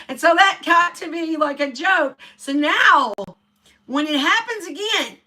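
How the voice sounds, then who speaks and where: A middle-aged woman, chatting casually and laughing often, dropping soft when she reflects. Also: very high voice, lively intonation, measured pace. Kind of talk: casual chat.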